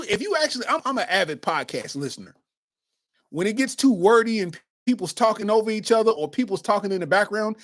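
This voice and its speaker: A man's voice: high voice, no room sound. A man in his forties, a comedian hosting his own podcast, telling stories in a casual monologue full of street slang. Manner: animated storytelling with street slang.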